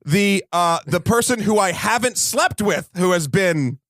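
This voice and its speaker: A man's voice: sits high, expressive, a little slow, a bit bright, dry recording. A man co-hosting a movie podcast, ranting in casual, profane, opinionated chat. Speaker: podcast co-host. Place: podcast studio.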